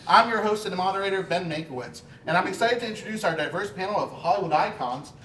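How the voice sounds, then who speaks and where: A man's voice: high voice, fast talker, fairly bright tone, far from the mic. A man playing a classic-movie TV host, announcing in a formal presenter voice in a sketch. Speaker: talk show host and moderator. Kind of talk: sketch comedy. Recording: echoey stage sound from afar, noise.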